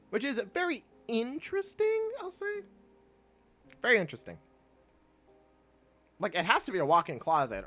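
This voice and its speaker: A young man casually chatting with his chat while playing a video game, laid-back and quick to laugh. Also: fairly high pitch, sharp tone. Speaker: streamer.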